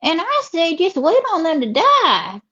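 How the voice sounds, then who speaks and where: A woman voicing a chatty elderly Southern widow, folksy and drawling with deadpan jokes. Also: extremely high pitch, unhurried, dull audio, pitched above the performer's own voice, heavily acted. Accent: Southern US (put on). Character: chatty old Southern widow, gambling granny.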